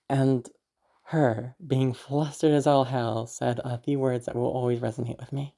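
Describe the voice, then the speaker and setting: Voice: mid-range voice, lively intonation, moderate pace, mellow. A young adult YouTube voice creator chatting casually to camera, rambling with frequent fillers and giggles. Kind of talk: casual vlog talk to camera.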